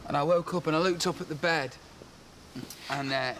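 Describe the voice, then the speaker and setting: A man's voice: a little high, steady tone, moderate pace, noisy background. A young man chatting backstage, sardonic and joking, with frequent swearing. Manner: wisecracking, sardonic, swears freely. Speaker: pop singer. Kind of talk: casual backstage chat. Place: backstage room.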